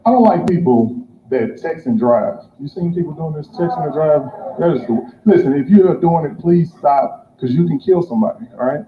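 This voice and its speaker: A man's voice: on the high side, animated, normal speed. A man telling a conversational, exasperated stand-up story. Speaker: stand-up comedian. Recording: echoey, tinny phone-like audio with faint hiss.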